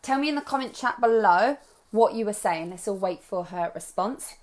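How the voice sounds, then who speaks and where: A woman's voice: mid-range voice, animated, moderate pace. A young adult woman coaching a live group on self-love, upbeat and chatty, encouraging her listeners and slipping into playful voices.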